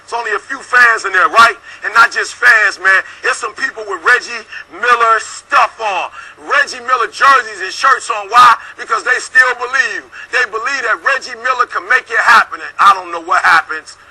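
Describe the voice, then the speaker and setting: Fiery high-voiced male motivational speaker. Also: normal speed, few pauses, bright, forceful tone, slight background noise, poor audio. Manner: fiery, preacher-like, repeats "baby" and "boom". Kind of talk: motivational pep talk.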